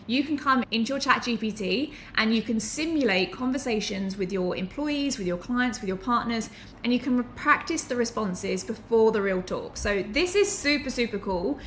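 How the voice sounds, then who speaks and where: Chatty, bright-voiced woman teaching. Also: on the high side, brisk, slight background noise. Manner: chatty and enthusiastic, anecdotal asides. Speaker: online business educator. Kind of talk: direct-to-camera teaching.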